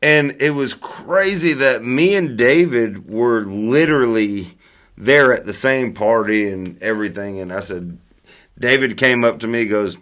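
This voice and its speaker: A man telling a story in a casual chat, animated and profane, often laughing. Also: medium pitch, measured pace. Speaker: storyteller among friends.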